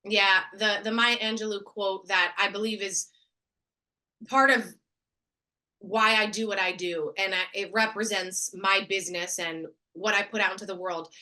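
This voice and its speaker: A woman being interviewed as a guest on a video call, talking in an enthusiastic, expressive way. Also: mid-range voice, normal speed. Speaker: guest, actress and speaker. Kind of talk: casual interview.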